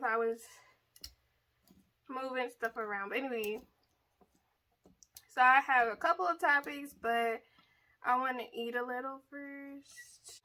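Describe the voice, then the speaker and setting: A woman's voice: high-pitched, steady tone, measured pace, pauses often, bright, forceful tone. A woman hosting a casual eat-with-me video, chatty and playful, laughing often as she talks. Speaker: mukbang vlogger.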